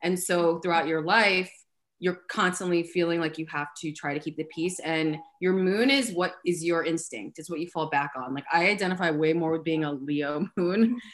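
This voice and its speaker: A woman with a somewhat low voice talks through astrology in a relaxed podcast chat. She is earnest and explanatory, and her talk is dotted with likes and ums. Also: normal speed. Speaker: astrologer guest.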